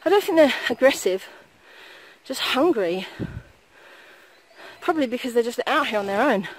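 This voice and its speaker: A woman talking through a hiking vlog into a handheld phone camera on a mountain trail. She is chatty and excitable and swears freely. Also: fairly high pitch, normal speed, no echo, rough recording. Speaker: vlogger.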